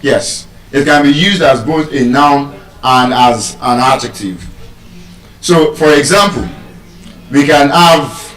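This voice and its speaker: A man's voice: mid-range voice, slow pace, a bit bright. A man teaching pronunciation to a live audience, spelling words out letter by letter and quizzing the room in a teasing way. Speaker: speaker teaching English pronunciation. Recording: echoey hall, mic at a distance.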